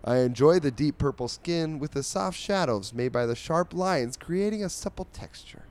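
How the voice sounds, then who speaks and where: A man doing a fancy put-on voice as a pompous, gushing male reviewer reading aloud for a comedy podcast, with grand, drawn-out exclamations. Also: on the high side, expressive, darkish tone, voice pushed up, close to an everyday voice.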